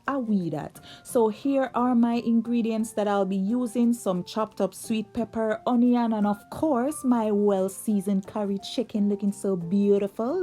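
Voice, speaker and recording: Woman, young, upbeat cooking vlog host, slow drawn-out delivery, faint music behind. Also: a little high, steady tone, dark tone. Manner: upbeat, chatty, drawn-out words. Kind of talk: casual cooking vlog narration.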